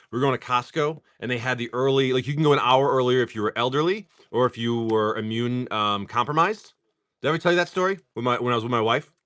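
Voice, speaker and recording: A casual streamer, a man, talks his way through pack openings in a rambling, conversational way. His voice sits at an ordinary middle pitch. The recording is dry, with no room echo. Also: a bit bright. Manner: rambling storytelling broken up by calling out card names. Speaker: streamer opening trading card packs. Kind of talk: casual live-stream chat.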